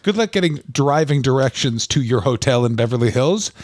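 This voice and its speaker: Deadpan comedian with dry close sound. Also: male voice, medium pitch, fairly quick, no echo. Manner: deadpan absurd riffing, jumps into silly voices. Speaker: comedian podcast co-host. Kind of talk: casual comedic banter.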